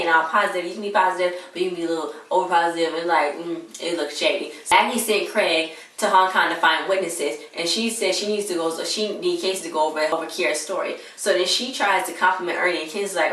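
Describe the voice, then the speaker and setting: A woman's voice: lowish voice, fairly quick, fairly bright tone. A woman casually recapping a TV episode, chatting away and retelling scenes with quoted lines. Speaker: TV episode reviewer. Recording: echoey room, far from mic.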